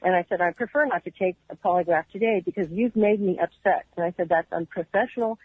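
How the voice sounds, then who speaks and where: A woman's voice: fairly low pitch, fast talker, breathy edge, no echo, narrow, tinny audio. A woman guest on a radio interview, telling her story in earnest detail and acting out what others said to her. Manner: earnest, detailed storyteller who acts out quoted dialogue. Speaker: radio guest, former agency employee.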